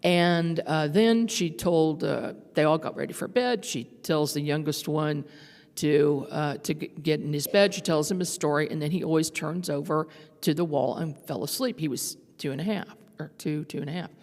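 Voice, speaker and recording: A woman's voice: low voice, moderate pace, a little mellow. An older woman giving a conference talk, telling stories in a conversational way with fillers and restarts. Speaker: conference speaker. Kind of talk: storytelling talk. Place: large conference hall. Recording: long hall reverb.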